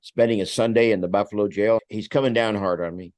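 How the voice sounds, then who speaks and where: An older man, a vineyard owner and podcast guest, telling an animated, profane anecdote and acting out the other people's voices. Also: fairly low pitch, fairly quick, few pauses, no echo. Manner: animated, acts out voices, swears freely.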